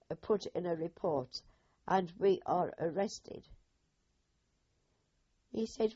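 An older woman recalls her own experiences in a slow, unhurried way. Her voice is husky and mellow, and she acts out each speaker's quoted words. The recording sounds dull and lo-fi. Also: fairly low pitch. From Britain. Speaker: eyewitness. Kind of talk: oral history storytelling.

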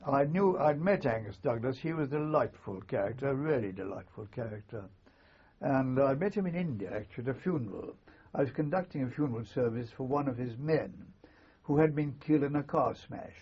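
An older man, a veteran army chaplain, recalls his past in an oral history interview, his husky, mid-range voice expressive. He speaks haltingly and with understatement, often restarting sentences, on a muffled, lo-fi recording.

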